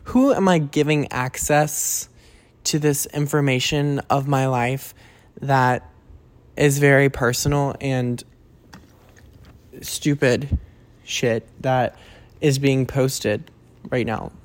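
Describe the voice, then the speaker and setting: A man's voice: medium pitch, fairly even intonation, takes it slowly, long pauses. Young man, solo podcast host, rambling, self-deprecating, stammering restarts, casual cursing.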